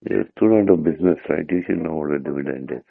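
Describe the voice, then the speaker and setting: A man's voice: extremely low pitch, fast talker, vocal fry, husky, no echo. A man, a tutor patiently explaining a term to a student and checking that he follows. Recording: dry, tinny phone-like line.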